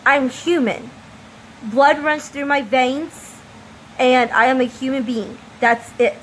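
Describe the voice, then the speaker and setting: Vlogger woman, high voice, slow deliberate delivery, faint room ambience behind. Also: fairly even intonation, fairly bright tone, slight background noise, low-quality recording. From United States. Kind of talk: opinion monologue to camera.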